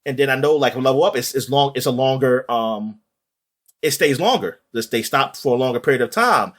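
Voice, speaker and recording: A man co-hosting a podcast in casual chat, retelling things in a rambling, animated way with lots of fillers and the odd swear word. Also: medium pitch, a little fast. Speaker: podcast co-host.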